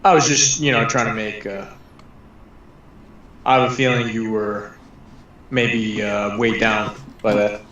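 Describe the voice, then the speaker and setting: A man's voice: lowish voice, fairly even intonation, a little slow, pauses often, a bit bright, highs cut off. A man calling into a talk show, chatting casually with many restarts and repeated words. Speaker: caller. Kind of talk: casual call-in chat. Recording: very echoey, distant from mic, faint noise.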